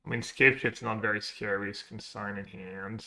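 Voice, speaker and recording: A man's voice: fairly low pitch, flat delivery, moderate pace, pushed and bright. A man streaming a card game, thinking aloud about his plays and chatting with viewers in a casual, muttering way. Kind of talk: casual stream commentary while playing.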